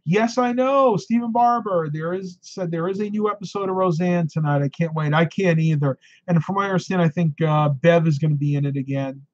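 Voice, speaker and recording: A man's voice: a little high, a little fast, few pauses, darkish tone, no room sound, dull audio. A man hosting a live stream, chatting casually and answering viewer questions, tired and losing his voice, with frequent ums and laughs.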